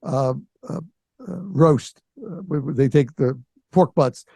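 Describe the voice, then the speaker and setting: An older man in his sixties hosts a casual podcast chat and tells stories with animation, slipping into other people's voices. His voice sits a bit high and has a mellow, warm tone. The sound is close and dry. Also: slow, gravelly, slightly rough, no room sound. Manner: animated storyteller who acts out quoted voices. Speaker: podcast host. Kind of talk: casual storytelling.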